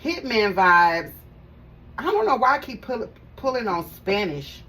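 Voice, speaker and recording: A woman's voice: medium pitch, sing-song, unhurried, fairly bright tone. A woman giving a casual tarot reading to her viewers, chatty and emphatic, repeating phrases and talking straight to them. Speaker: tarot reader. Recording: voice a bit far from the mic, faint background noise.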